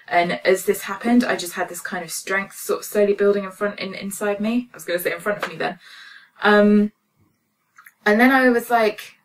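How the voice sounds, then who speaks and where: A woman's voice: mid-range voice, normal speed, far from the mic. A woman telling a personal story as a spiritual healing vlogger, earnest and emotional with many fillers. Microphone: phone camera.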